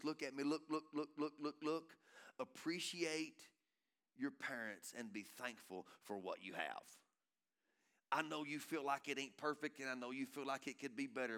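A man preaching a sermon in a church, swinging between loud urging and hushed tenderness and calling out to the congregation with repeated phrases. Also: mid-range voice. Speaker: pastor. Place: church sanctuary.

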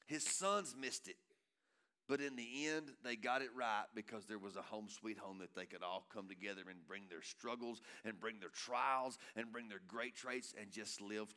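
Bright-voiced preacher, man. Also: lowish voice. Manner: preaching with swings from loud urging to hushed tenderness; calls out to the congregation with repeated phrases. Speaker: pastor. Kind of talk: sermon. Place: church sanctuary.

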